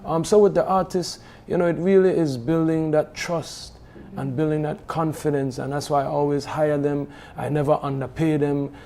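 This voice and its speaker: Man with a dark, mellow voice. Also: on the high side, moderate pace, slight background noise. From Belize. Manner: animated, with many fillers and restarts. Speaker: music event organizer. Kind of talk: casual studio conversation.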